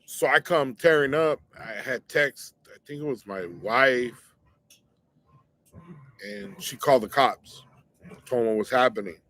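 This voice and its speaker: A man's voice: mid-range voice, a little slow, long pauses, fairly bright tone, dry recording. A middle-aged man hosting his own show, telling a personal story in a casual, blunt, slangy way and warning listeners. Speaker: show host.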